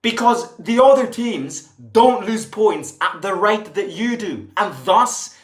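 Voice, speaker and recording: In an echoey room, a man with a high-pitched voice hosts a football fan channel and slowly works through a post-match reaction. It's an exasperated, profane rant full of swearing and repetition.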